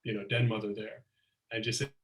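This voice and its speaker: A middle-aged man telling lively anecdotes as a comedian guest, slipping into acted-out quotes, on a video call. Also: on the low side, fairly quick. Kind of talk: casual storytelling chat. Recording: roomy echo, far from mic.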